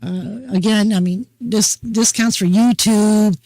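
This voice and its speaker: An older woman hosting a casual talk show, chatting in a folksy, unhurried storytelling way. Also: mid-range voice, fairly even intonation, mellow, dry recording, rough recording. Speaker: host. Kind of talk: casual chat.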